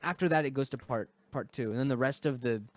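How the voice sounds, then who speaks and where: A man chatting casually on a podcast, retelling stories with lively acted-out quotes. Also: medium pitch, quick pace. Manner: animated storyteller, acts out quotes. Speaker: podcast cast member. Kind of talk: casual chat.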